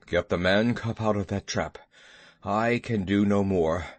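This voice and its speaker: A man's voice: fairly low pitch, unhurried, dry recording, voice pushed down, close to an everyday voice. A man voicing a proud male panther who talks in a dry, stern way. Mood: urgent. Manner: gasping, then dry and stern. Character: proud male black panther, tired from a fight. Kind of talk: storybook character voice.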